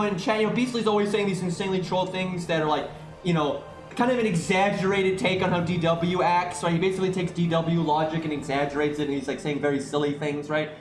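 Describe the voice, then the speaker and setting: A man's voice: high voice, echoey room. Exasperated man ranting on a live stream. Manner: exasperated, animated, swears, many restarts. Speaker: game streamer.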